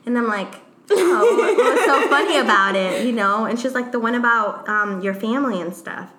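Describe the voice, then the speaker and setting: A woman's voice: on the high side, lively intonation, moderate pace, a loud crowd. A woman in her thirties co-hosting a podcast, talking candidly and emotionally, laughing often and saying "like" a lot. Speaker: podcast co-host. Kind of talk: casual podcast chat. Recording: echoey room with faint noise.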